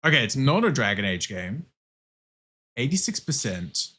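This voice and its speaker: A male streamer chats casually as he plays, his husky voice bright and edged, pitch bouncing all over. He gets excitable fast, laughs often and swears freely. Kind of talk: casual livestream chat while gaming.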